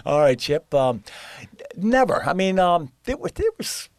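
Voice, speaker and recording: A man, a former chef, guesting on a podcast and telling lively anecdotes in a casual chat. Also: sits high, measured pace, dry recording, clean studio sound. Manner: animated anecdotes with quoted voices. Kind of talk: casual interview storytelling.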